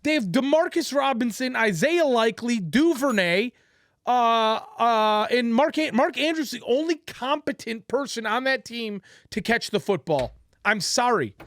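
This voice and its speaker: A man's voice: very high-pitched, expressive, measured pace, a bit bright, dry recording, clean studio sound. A man co-hosting a sports podcast, ranting in heated, profane, emphatic bursts.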